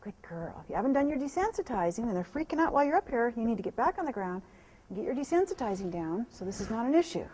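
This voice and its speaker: A woman horse trainer explaining groundwork while working a horse, softly praising the animal between instructions. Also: on the high side, sing-song, fast talker, breathy edge.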